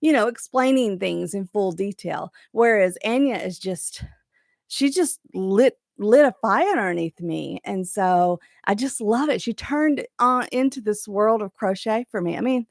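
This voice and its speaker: A woman's voice: fairly high pitch, vocal fry, dry recording, clean studio sound. A woman hosting a live crochet chat from her craft room at home, chatty, rambling and encouraging.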